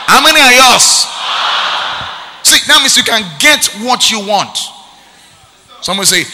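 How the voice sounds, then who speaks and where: A male pastor from Nigeria, preaching a sermon with shouted, sing-song call-and-response. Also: sits high, in a large hall, a little hiss or hum.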